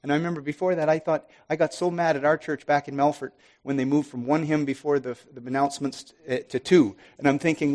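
A man giving an earnest sermon testimony, restarting often and swinging from loud to soft. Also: fairly high pitch, fairly even intonation, quick pace, few pauses.

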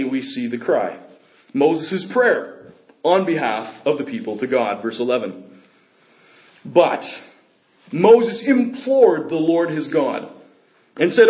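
A male preacher reads scripture and preaches in an expressive, dramatic style. His voice sits slightly high, and his pace and pitch swing widely. The sound carries an echoey room ring. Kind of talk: sermon with scripture reading.

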